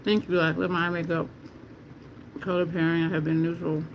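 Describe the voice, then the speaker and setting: Chatty excited makeup livestream host at home, mid-range voice, keeps talking to chat. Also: medium pitch, brisk, slight background noise. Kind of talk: casual livestream makeup swatching. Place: at home in Delaware.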